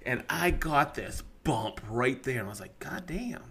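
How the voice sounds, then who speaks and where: Animated, swearing man telling a shop story. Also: medium pitch, moderate pace. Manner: animated, profane, laughing storyteller. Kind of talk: casual podcast storytelling.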